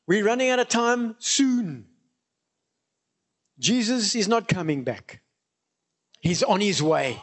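A man's voice: high voice, animated, slow pace, pauses often, a bit bright. A man preaching a sermon, emphatic and repeating phrases for stress.

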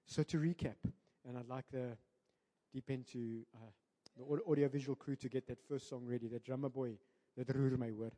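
A South African man preaching a sermon to his church, switching between English and Afrikaans and building to loud, emphatic peaks. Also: medium pitch, steady tone, moderate pace. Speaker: pastor. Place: church sanctuary. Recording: preacher in a large reverberant church hall.

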